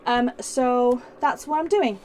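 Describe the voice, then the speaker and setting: A woman's voice: fairly high pitch, slow, a little mellow, slight background noise. A woman hosting a live craft demo, chatting in a rambling way with many ums and restarts, reading out viewer comments as she works. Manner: reads viewer comments aloud while working.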